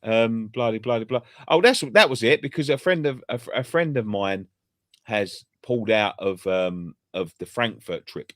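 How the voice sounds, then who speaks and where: A man's voice: lowish voice, normal speed, fairly bright tone, no room sound. Male fan-channel presenter, casual pub-chat storyteller, heavy swearing, dry close recording. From England. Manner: sweary storytelling, rambling with restarts.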